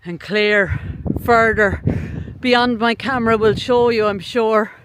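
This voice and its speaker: A woman's voice: fairly high pitch, fairly even intonation, slow pace. An Irish woman walking a hilltop graveyard, chatting like a tour guide to a small handheld camera. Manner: chatty tour-guide explaining as she walks. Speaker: vlogger. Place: windy hilltop graveyard outdoors. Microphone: small handheld gimbal camera mic. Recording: loud wind noise on outdoor mic.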